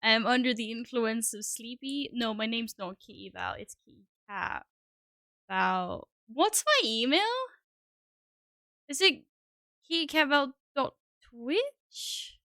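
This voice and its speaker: A woman's voice: on the high side, sing-song, slow pace, sharp tone, no room sound, studio quality. A woman streamer chatting casually and scatteredly with her viewers, self-deprecating and swearing often. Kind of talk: casual live-stream chat.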